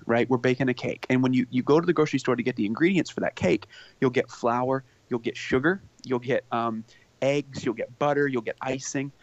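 A man's voice: medium pitch, no echo, highs cut off. A man speaking earnestly on a podcast about parenting, often repeating words as he starts a thought. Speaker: parenting expert guest. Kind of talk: conversational podcast talk.

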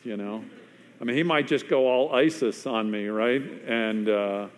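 A man preaching a sermon as a pastor, telling a story with long pauses and dropping to a hushed, quiet voice for emphasis. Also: medium pitch.

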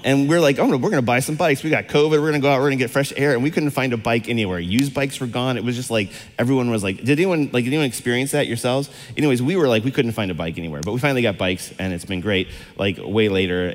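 Chatty pastor man in an echoey church hall. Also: mid-range voice. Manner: chatty, rambling, lots of fillers and restarts, asks the audience questions. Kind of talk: casual interactive sermon. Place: church hall before a congregation.

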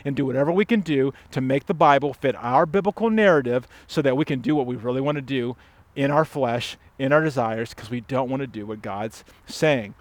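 A man preaching a sermon as pastor, emphatic and urgent, dropping to hushed stress on key words. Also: medium pitch, a little fast, dry recording. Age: adult father.

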